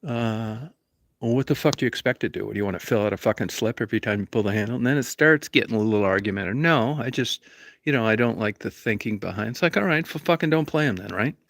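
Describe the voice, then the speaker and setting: A man's voice: fairly low pitch, quick pace, fairly bright tone, no room sound, clean studio sound. A man hosting a livestream, telling a story as a profane, rambling, argumentative rant full of constant swearing. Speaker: livestream host.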